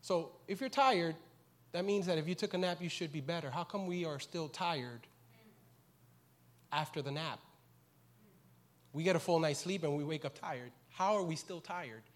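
A man preaching a sermon with passion, his voice swinging from quiet, reflective stretches to loud, pleading questions. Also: fairly high pitch, moderate pace, pauses often. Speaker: pastor.

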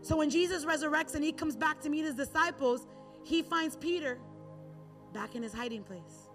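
A woman preaching a sermon, retelling a Bible story in a relaxed, conversational way. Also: high voice, normal speed, faint music behind.

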